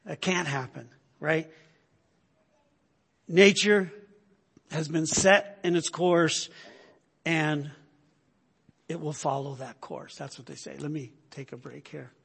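A man's voice: fairly high pitch, fairly even intonation, slow, vocal fry, pauses often, fairly bright tone, slightly rough. A man preaching a sermon in an emphatic, conversational way, often checking in with the listeners. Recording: long hall reverb.

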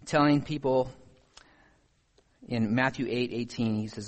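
A man's voice: mid-range voice, measured pace, pauses often. A man preaching a sermon, reading scripture passages aloud and asking his listeners pointed questions.

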